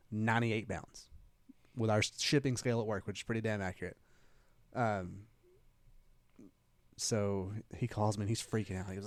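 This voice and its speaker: A man's voice: on the low side, a little mellow, no echo. Dry, close-miked man telling a rambling story. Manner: rambling storyteller, acts out quoted dialogue. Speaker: podcast co-host. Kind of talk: casual chat.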